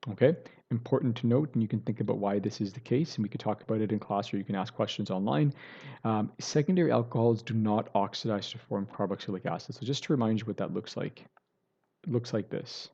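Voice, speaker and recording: Gravelly, low-voiced chemistry teacher lecturing. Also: male voice, quick pace, warm tone, dull audio. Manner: explains step by step, self-correcting, many "right?" and "okay" checks. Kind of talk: recorded online lecture.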